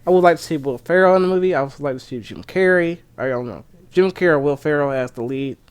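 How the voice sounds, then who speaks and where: A man streamer chatting casually and excitedly, rambling with many restarts. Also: on the high side, fast, smooth. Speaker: gaming streamer. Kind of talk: casual chat.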